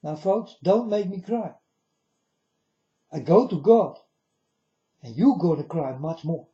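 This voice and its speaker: High-voiced man, slow solemn warnings. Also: expressive, mellow. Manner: solemn, warning tone, repeatedly addresses "folks". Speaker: video blogger. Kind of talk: monologue to camera. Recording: dull lo-fi recording.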